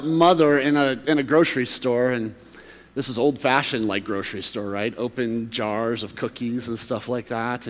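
A man's voice: medium pitch, long reverb tail. A male pastor preaching a sermon, reading Scripture and then talking to the congregation in a conversational way, asking them questions. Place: church sanctuary.

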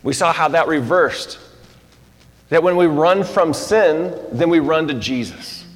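A man's voice: a little high, measured pace. A man preaching a sermon, joking through a story before turning earnest. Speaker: pastor. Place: air-conditioned church hall. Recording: long hall reverb.

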